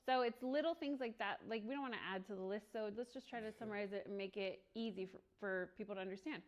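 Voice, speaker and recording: A woman leading a real estate training session for a small group, chatty and quick to laugh, often acting out little bits of dialogue. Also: mid-range voice. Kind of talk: workshop teaching.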